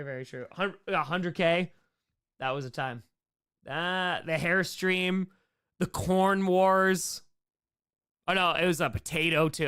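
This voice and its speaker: Man, streamer host, casual Q&A chat, slightly raised pitch, voice a little worn, upbeat, rambling. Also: sharp tone, smooth. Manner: upbeat, thanks viewers by name, loose and rambling. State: voice a bit worn from talking for hours. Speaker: live-stream host answering chat questions.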